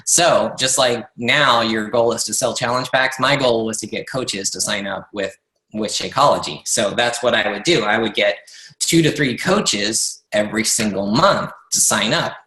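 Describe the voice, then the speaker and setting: Bright-voiced man coaching his team. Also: fairly low pitch, moderate pace, roomy sound, poor audio. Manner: earnest, conversational, many fillers and restarts. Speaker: network marketing coach leading a team call. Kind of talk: motivational team call talk.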